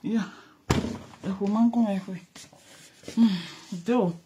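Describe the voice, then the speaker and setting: A woman's voice: mid-range voice, fairly even intonation, slow, noisy background. A woman with a Nigerian Pidgin accent, casually chatting on a livestream, reading out viewer comments and laughing often. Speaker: livestream host.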